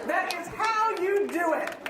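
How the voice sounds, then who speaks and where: A woman performing a stand-up comedy set, exuberant and shouting her punchlines. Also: extremely high pitch, lively intonation, measured pace. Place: comedy night in a live venue with audience. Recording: echoey room, crowd laughter and noise.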